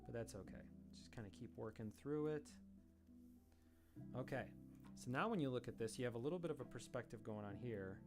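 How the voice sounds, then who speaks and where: A man streaming his drawing session live, thinking aloud in a relaxed, self-deprecating way as he works. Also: medium pitch, fairly quick. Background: guitar music.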